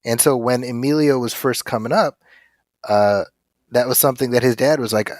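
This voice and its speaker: A man co-hosting a podcast, chatting casually and reading listener mail with animated storytelling. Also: mid-range voice, normal speed, no echo, studio quality. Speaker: podcast co-host. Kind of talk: casual chat.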